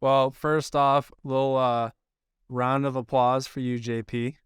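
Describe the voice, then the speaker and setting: A man's voice: medium pitch, little pitch movement, a little slow, clear, resonant tone, no echo. A man co-hosting a baseball podcast, telling a long profane story in casual chat. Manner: profane, rambling storyteller who acts out quotes. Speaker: podcast co-host, baseball coach.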